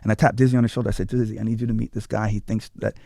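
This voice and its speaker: A man's voice: lowish voice, rapid-fire, vocal fry, no room sound, clean studio sound. A man telling stories in a casual interview, acting out quotes and restarting his sentences. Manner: animated storyteller acting out quotes, stammering restarts. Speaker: guest, former tour manager. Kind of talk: casual storytelling.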